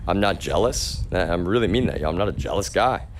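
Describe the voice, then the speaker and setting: A man's voice: low-pitched, lively intonation, fairly quick, slight background noise. A man livestreaming an agitated, repetitive rant to his chat, swearing often and calling his listeners y'all. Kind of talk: ranting monologue to a live chat.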